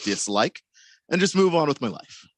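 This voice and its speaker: A male radio co-host telling wry stories in a halting, stammering way. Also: on the high side, big pitch swings, no echo. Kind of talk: sports talk radio banter.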